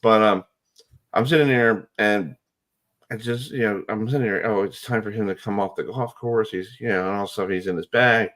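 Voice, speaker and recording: A man hosting a sports radio show, chatting casually and telling stories in a rambling, excitable way with lots of fillers. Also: lowish voice, normal speed.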